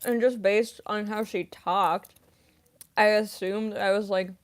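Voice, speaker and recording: Young woman, voice actress, casual stream Q&A, unhurried pace, rambling with fillers and giggles. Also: mid-range voice, fairly even intonation. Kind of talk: casual livestream Q&A chat.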